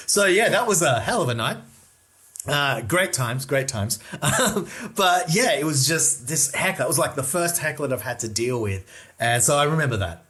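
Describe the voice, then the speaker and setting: A man co-hosting a comedy podcast, telling a story in a lively way and casually swearing. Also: a little high, moderate pace. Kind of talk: casual chat, anecdote telling.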